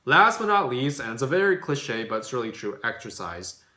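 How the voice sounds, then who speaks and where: A man's voice: medium pitch, big pitch swings, moderate pace, pushed and bright. A young man hosting a casual self-help video, talking in an informal way and cursing now and then in his examples. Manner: informal, swears when acting out examples. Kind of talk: casual advice talk. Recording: echoey room.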